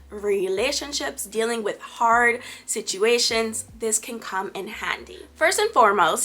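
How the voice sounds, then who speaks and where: Bright-voiced woman giving chatty advice. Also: mid-range voice, slightly rough. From Caribbean family background. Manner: friendly, chatty, often asks "right?". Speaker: lifestyle vlogger. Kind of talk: casual advice vlog.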